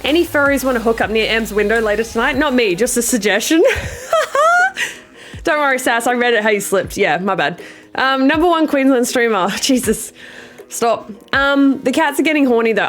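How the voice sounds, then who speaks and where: An Australian woman streaming, chatting casually with her viewers, animated, swearing freely and laughing often. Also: a little high, moderate pace.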